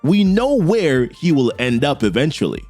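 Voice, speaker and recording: A man reading out the lines of a calm, stern young female superhero at a slow, measured pace. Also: fairly high pitch, faint music behind.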